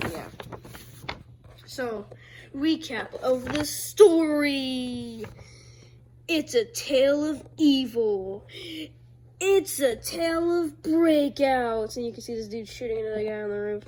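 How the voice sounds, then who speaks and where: A woman's voice: mid-range voice, mellow, a little hiss or hum. A woman casually showing her own comic drawings, rambling with many fillers and unsure asides. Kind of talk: casual show-and-tell narration.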